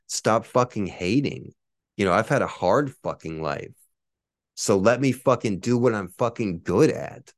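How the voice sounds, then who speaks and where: A man in his forties delivers a solo podcast rant, boastful and combative, peppered with swearing. His voice sits on the low side. The recording is dry and close, with no room echo. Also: normal speed. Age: 40s. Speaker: podcast host. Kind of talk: ranting podcast monologue.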